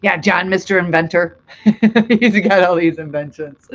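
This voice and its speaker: A woman's voice: lowish voice, takes it slowly, muffled recording. A middle-aged woman hosting a casual live stream, reading out chat comments, chatty with frequent laughs and fillers.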